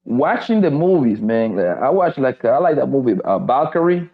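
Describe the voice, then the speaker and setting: A man's voice: medium pitch, normal speed. A man in a casual talk show chat, rambling and swearing freely. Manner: rambling, profane, animated. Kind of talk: casual banter. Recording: dull, muffled mic.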